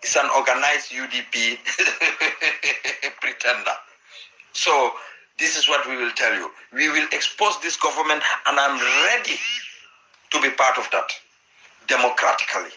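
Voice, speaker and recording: A man's voice: medium pitch, normal speed, sharp tone, poor audio. A Gambian man giving impassioned political commentary, repeating his points for emphasis. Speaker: political party activist.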